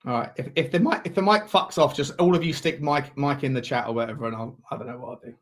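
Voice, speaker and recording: A man hosting a live football watchalong, calling the match and chatting to viewers, with sudden loud shouts when chances come. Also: medium pitch, fast. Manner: excitable, shouts at big chances, chats to viewers.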